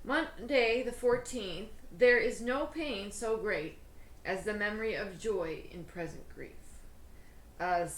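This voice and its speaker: A bubbly woman hosts her home cooking show, rambling cheerfully and poking fun at herself. Her voice sits at an ordinary middle pitch. The kitchen around her sounds echoey, with a faint hum of room noise. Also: slow. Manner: bubbly, self-deprecating, rambling with fillers. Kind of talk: casual cooking vlog chat.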